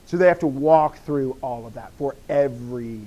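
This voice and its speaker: A man teaches Greek grammar in a live online class, speaking at normal speed with a warm, medium-pitched voice. He lays things out step by step, asking students questions and encouraging their replies.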